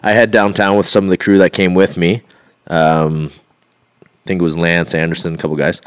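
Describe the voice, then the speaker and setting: Man, podcast co-host, blunt and eager storyteller, very low voice. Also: flat delivery, brisk, smooth. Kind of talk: casual chat, storytelling.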